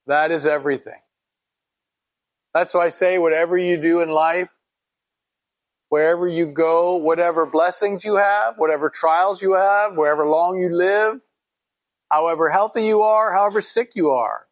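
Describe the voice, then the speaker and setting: A man's voice: on the high side, normal speed, highs cut off. A man teaching a Bible study in a conversational way, reading scripture aloud and asking his listeners questions.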